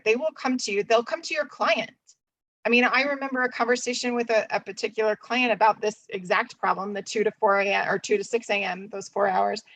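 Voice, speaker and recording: A woman therapist speaks candidly in a casual webinar discussion, her talk chatty and loose with fillers. Her voice sits at a middle pitch. The sound is dry and close, over a video call. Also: fairly bright tone, no room sound, poor audio. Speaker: DBT therapist.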